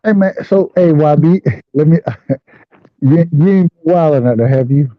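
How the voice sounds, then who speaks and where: Male host, hyped, stammers, raised pitch, tinny phone line. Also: a little slow, dry recording. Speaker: boxing show host. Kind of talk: casual chat.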